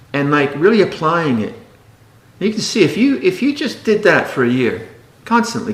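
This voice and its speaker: A man's voice: on the high side, fairly bright tone. Man giving a playful, roomy-sounding dharma talk. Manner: playful, laughing, mimics precious meditators. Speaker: meditation teacher.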